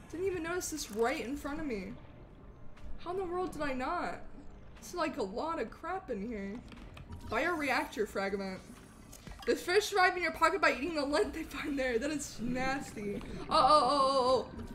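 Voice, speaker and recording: A woman streaming a game live, chatting with viewers and swinging between loud greetings and low mutters. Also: slight background noise. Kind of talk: live gameplay commentary.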